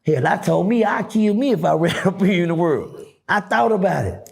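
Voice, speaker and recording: A middle-aged man telling a story casually, profane and animated, acting out the dialogue. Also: fairly high pitch, normal speed, vocal fry. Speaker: guest storyteller.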